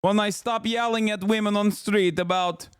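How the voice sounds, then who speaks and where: A man voicing a pathetic, bitter, lonely young man who speaks broken English in a slow, whiny drawl. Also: high voice, fairly even intonation, clear, resonant tone, pitched above the performer's own voice, lightly acted.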